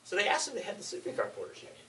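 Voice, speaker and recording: A man's voice: high voice, wildly swooping pitch, very fast, bright, forceful tone. Impassioned man lecturing from a distance. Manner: impassioned, emphatic storyteller. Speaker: author giving a talk. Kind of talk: public lecture storytelling.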